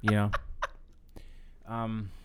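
A man's voice: fairly low pitch, monotone, drawn-out words, darkish tone, clear, resonant tone. A man co-hosting a podcast in casual chat, laid-back and chiming in with short agreements. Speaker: podcast co-host.

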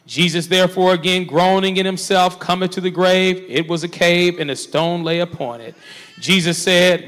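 A man's voice: sits high, fairly bright tone, long reverb tail. A man, a pastor leading a Bible study, reading scripture aloud and coaxing his class with call-and-response. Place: church hall.

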